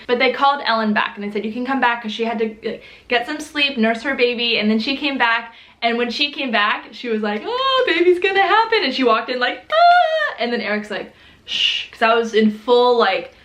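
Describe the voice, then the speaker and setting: A young woman casually telling her birth story to the camera, animated, laughing often and acting out what people said in high voices. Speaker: vlogger. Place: home room. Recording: echoey room.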